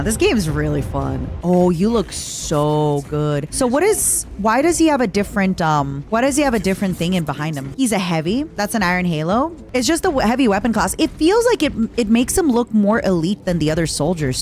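A young woman streaming a game, gushing and playful as she reacts and chats. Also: medium pitch. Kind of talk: live gameplay commentary.

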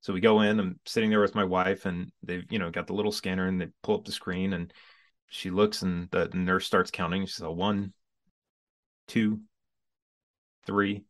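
Guy in his 40s, kinda low voice, chatty animated storyteller on a podcast. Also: normal speed. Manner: animated storyteller who acts out his own past reactions. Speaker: podcast guest, business coach. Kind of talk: storytelling in a casual interview.

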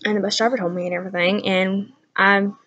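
A woman's voice: medium pitch, level tone, fast, fairly bright tone, muffled recording. A young woman chatting casually on her own vlog, rambling through funny stories about kids and laughing as she goes. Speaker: channel owner.

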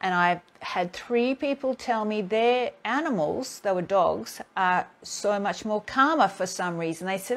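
This is a woman's voice, medium in pitch and unhurried, with hardly any pauses. A healing therapist on a live stream, she keeps the spiritual talk casual and animates her personal stories by playing both parties in every exchange.

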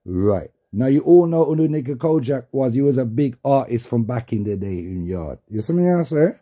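A man's voice: medium pitch, very animated, normal speed, dark tone. A man delivering an angry, repetitive, profane rant as a vlogger. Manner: heated, repetitive, profane, preaching.

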